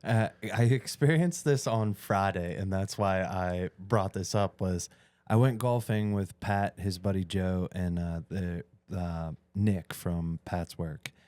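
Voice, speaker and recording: Brief: man, 30s, podcast co-host, animated storyteller who swears, mid-pitched, dry close sound. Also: takes it slowly, no room sound. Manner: animated storyteller, swearing, acting out his own thoughts. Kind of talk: casual chat.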